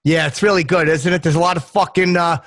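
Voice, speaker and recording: A man voicing a crude, dim-witted young bro hosting a comedy podcast, talking with deadpan, clueless bravado. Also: on the high side, fast talker. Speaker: podcast host. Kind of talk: comedic character podcast chat.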